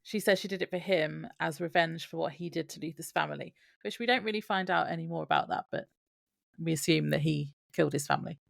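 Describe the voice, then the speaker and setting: Gravelly low woman, dry close sound. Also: fast, no echo. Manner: laughs often, hesitant with fillers. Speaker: podcast co-host. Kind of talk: casual chat recapping a TV episode.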